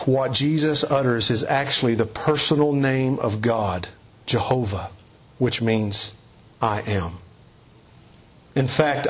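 Husky-voiced man preaching a sermon. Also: medium pitch, highs cut off. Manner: measured expository preaching, slowing for emphasis.

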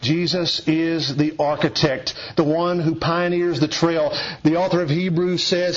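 Man, sermon, emphatic, hushed lows and urgent highs, muffled recording. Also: measured pace. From Eastern Kentucky. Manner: emphatic, swings between low hushed lines and raised urgent ones. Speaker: preacher. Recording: dull lo-fi sound.

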